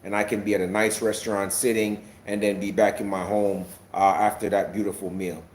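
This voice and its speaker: A man's voice: on the low side, little pitch movement, fairly quick, a little hiss or hum. A man originally from Jamaica, speaking in an American accent with a light Jamaican lilt, chats casually on a livestream, rambling and repeating words as he answers viewers. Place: South Florida.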